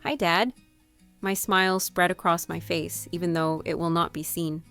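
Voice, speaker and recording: A woman reads her own novel aloud as an audiobook, in an expressive first-person voice. Her tone sits somewhat low, with faint guitar music underneath. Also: moderate pace, vocal fry, clear, resonant tone. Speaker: author and narrator. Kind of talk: audiobook narration.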